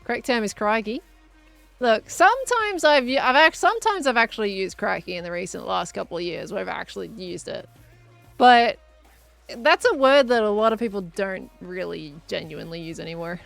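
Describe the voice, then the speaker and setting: A woman's voice: mid-range voice, animated, fairly quick, vocal fry, a bit bright, no echo, faint music behind. A woman with an Australian accent, chatting casually on a live stream as she builds and answers viewers. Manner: chatty, reads out chat messages and reacts to viewers.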